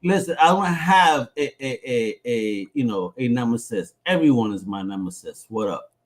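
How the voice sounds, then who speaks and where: A man co-hosting a casual podcast chat, brash and excitable, swearing freely and swinging between loud bursts and low mutters. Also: normal speed. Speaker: podcast co-host.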